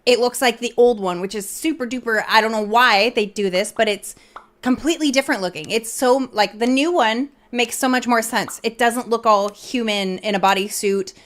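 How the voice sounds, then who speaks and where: A woman's voice: fairly high pitch, moderate pace. A woman streamer chatting casually in a rambling way, full of fillers and restarts.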